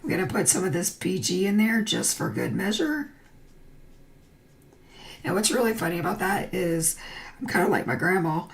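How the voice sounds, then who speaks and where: Middle-aged woman host, lively and rambling, coloring alone at her computer. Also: fairly low pitch, normal speed, creaky, long pauses. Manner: rambling storytelling with tangents. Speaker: crafting livestream host. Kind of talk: casual chat while coloring.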